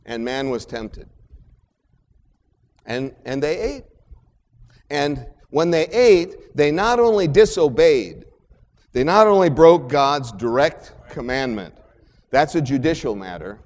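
A man preaching a sermon slowly and emphatically, repeating key phrases like a chant. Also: on the high side, lively intonation, darkish tone. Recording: long hall reverb.

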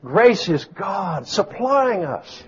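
A man preaching a sermon, swinging from booming exclamations to soft storytelling. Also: sing-song, very slow. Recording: dull lo-fi sound.

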